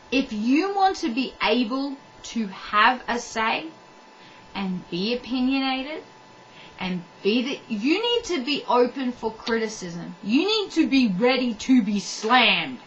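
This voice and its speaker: A woman's voice: a little high, a bit bright, highs cut off, a little hiss or hum. A woman ranting to the camera in a blunt, heated way, swearing and talking straight to the viewer. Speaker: vlogger. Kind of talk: ranting monologue.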